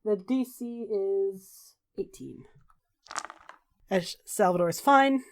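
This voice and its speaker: Woman game master calling the rules. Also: medium pitch. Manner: brisk, rule-calling with offhand fillers. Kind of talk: narrating a tabletop game.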